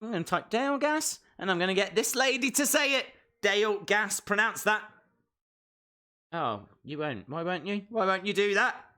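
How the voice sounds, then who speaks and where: A man's voice: high-pitched, animated, normal speed, bright, forceful tone. A man hosting a live reaction stream, chatting playfully and reading viewer comments aloud.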